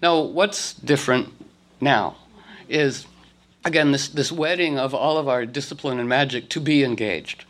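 A man lecturing an audience on spiritual matters, his pitch sitting in a middle range. He loops back on himself, restarts sentences and leans on fillers as he works toward each point. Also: unhurried, fairly bright tone. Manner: rambling, with many fillers and restarts. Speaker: speaker giving a talk.

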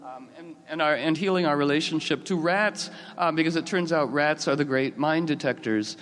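A man telling rambling, expressive stories, with many fillers and restarts. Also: a little high, moderate pace. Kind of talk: casual storytelling talk. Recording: long hall reverb.

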